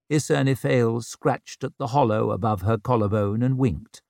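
A man narrating an audiobook in an expressive, wry storytelling manner. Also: medium pitch, normal speed, gravelly, few pauses, dry recording, clean studio sound. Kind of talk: scripted narration.

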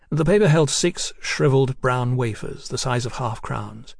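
A man narrating a novel in a measured, even storytelling manner. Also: mid-range voice, vocal fry, no room sound, studio quality. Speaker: audiobook narrator. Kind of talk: scripted narration.

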